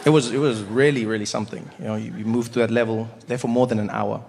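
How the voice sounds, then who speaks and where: A man from South Africa performing stand-up comedy, telling stories in a playful, animated way on a large stage. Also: on the low side, fast talker, vocal fry. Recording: long hall reverb, faint noise.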